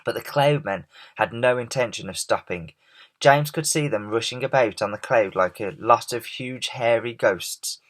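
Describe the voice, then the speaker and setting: A man reading a children's storybook aloud, his voice at a medium pitch. He reads in an expressive, measured way, stumbling now and then over a word.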